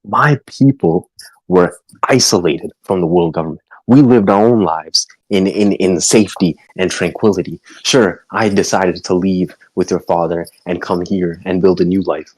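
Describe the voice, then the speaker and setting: A man's voice: deep voice, darkish tone, dry recording, poor audio. Man doing a furious scolding mother. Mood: stern lecturing. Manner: rapid scolding tirade, swearing. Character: fierce protective middle-aged mother, scolding. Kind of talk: tabletop role-play.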